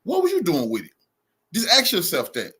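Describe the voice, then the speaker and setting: A man with a husky, tense voice gives sarcastic reaction commentary. He talks fairly high and mocks as he goes. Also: huge pitch swings, normal speed, sharp tone. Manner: mocking, sarcastic. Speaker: commentary vlogger.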